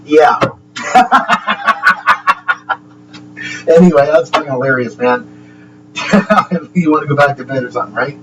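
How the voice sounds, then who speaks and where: A man's voice: a little high, brisk, distant mic, over loud music, low-quality recording. A man chatting loosely on a livestream, swearing constantly and chuckling between sentences. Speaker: livestream host. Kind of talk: rambling casual chat. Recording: steady hum in the background.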